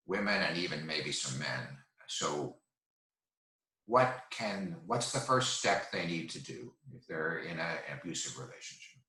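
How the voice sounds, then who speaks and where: A man hosts a video call interview as a pastor, his deep voice bright and sharp. He sits back from the mic in a roomy, echoing space and offers gentle, brief prompts. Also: distant mic. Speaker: pastor and host. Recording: roomy sound from away from the mic.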